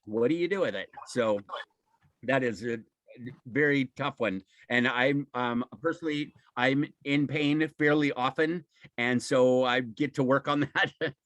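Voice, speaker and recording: An American man giving a casual webinar talk, halting, with many fillers, restarts and soft laughs, through a computer mic on a video call. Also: medium pitch, no echo. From United States.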